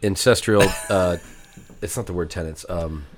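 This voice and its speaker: Man, casual storytelling, profane, low-ish voice, lively quoted voices. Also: measured pace, a little hiss or hum. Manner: animated, profane, jumps into high voices for quoted people. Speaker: podcast regular telling a story. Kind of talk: casual storytelling among friends.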